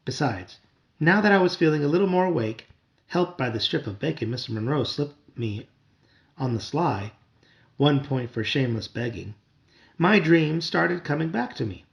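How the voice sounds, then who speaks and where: A man reading a children's novel aloud to his child at home, with wry, expressive storytelling. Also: a little high, moderate pace, vocal fry, highs cut off.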